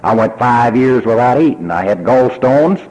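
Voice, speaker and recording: A man's voice: medium pitch, animated, normal speed, a little mellow, breathy edge, lo-fi sound. An older man with a Texan accent giving a personal testimony at a recovery convention, telling his story in a folksy way and acting out remembered dialogue. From Texas.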